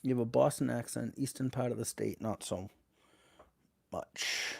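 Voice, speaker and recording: New male live-streamer, gravelly, slow and chatty, greets viewers, dry close sound. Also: medium pitch, no echo. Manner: reads letters aloud while greeting chat viewers. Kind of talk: casual live-stream chat.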